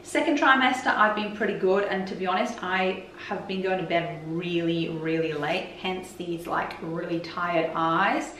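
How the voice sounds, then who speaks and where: A woman's voice: fairly low pitch, unhurried, few pauses, fairly bright tone, slight background noise. Chatty woman, roomy and distant. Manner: chatty, frank and open. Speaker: vlogger. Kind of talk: casual chat to camera.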